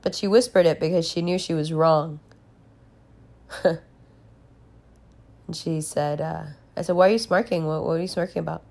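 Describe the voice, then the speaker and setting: A woman's voice: low voice, steady tone, normal speed, creaky, long pauses, darkish tone. A young woman talking candidly in a casual monologue, swearing freely and laughing as she tells a personal story.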